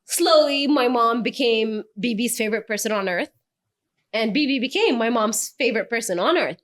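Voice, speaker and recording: Lively young woman telling stories. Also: on the high side, moderate pace. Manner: animated storyteller, laughs often. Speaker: guest, news presenter. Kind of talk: casual podcast chat.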